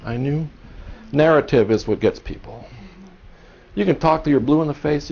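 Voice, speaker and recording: A man's voice: mid-range voice, vocal fry, darkish tone, a little hiss or hum. A man in his sixties from Cuba, a historian speaking at a seminar, telling his story earnestly and with passion. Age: 60s. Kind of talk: seminar talk. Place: seminar room. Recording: dull lo-fi recording.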